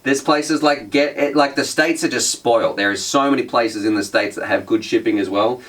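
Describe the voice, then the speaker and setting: A man's voice: mid-range voice, moderate pace, recorded from a distance. A man hosting a casual drone Q&A, reading out viewer questions. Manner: reads viewer questions aloud, chatty. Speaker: host. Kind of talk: casual Q&A chat.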